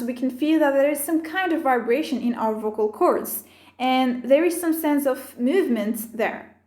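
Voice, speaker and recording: Woman teaching phonetics, slow careful lists, echoey room. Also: high voice, darkish tone. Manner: slow, careful listing of sounds and terms. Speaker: Arabic teacher. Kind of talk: explaining phonetics with slides.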